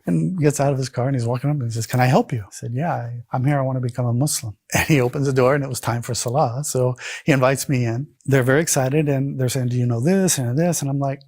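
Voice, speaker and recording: A middle-aged man from the United States telling his own story in a casual, animated way, acting out the voices of the people he quotes. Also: mid-range voice, slightly rough, no room sound.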